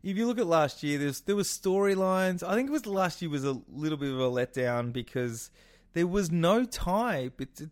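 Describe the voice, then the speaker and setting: A man's voice: a little high, animated, moderate pace. A man co-hosting a casual sports podcast, blunt and sweary, often saying "mate". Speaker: podcast co-host.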